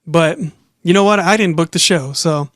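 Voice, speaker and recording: A man's voice: a little high, moderate pace, a bit bright, no room sound, studio quality. A young man casually recapping and giving opinionated commentary, rambling with frequent restarts. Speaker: wrestling show reviewer.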